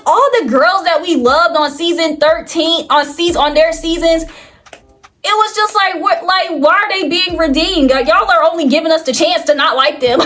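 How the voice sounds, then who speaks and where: A woman's voice: high voice, fairly bright tone. A young woman, chatting casually about a reality show with frequent "like, girl" asides. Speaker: reality TV commentator. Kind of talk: casual commentary vlog.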